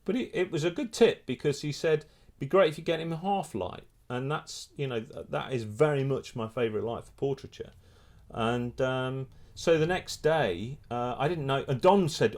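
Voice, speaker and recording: A middle-aged man recounts a story in a relaxed interview, his voice sitting at an ordinary pitch. He talks as an animated storyteller, stumbling and restarting his sentences as he goes. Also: moderate pace, hardly any pauses. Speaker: photographer and filmmaker. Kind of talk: casual anecdote in an interview.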